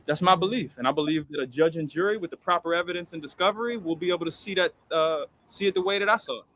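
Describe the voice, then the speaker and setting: A man answering interview questions in an emphatic, slangy but measured way. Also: on the high side, fairly bright tone.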